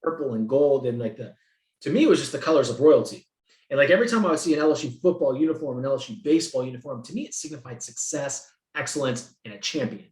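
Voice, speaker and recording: Man, interview guest, animated storyteller, swears freely, roomy sound. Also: mid-range voice, quick pace. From San Francisco Bay Area. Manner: animated, profane, acts out quotes. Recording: roomy echo.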